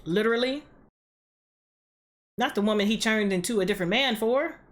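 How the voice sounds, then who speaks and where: A woman hosting a reaction video, recapping an episode in an animated, slangy, profane way. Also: fairly high pitch, normal speed.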